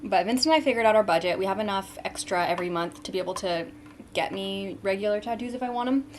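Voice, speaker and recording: Young woman vlogger, twenties, casual rambling chat, mid-pitched voice, faint home noise. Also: quick pace. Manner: chatty, frequent ums, eating while talking.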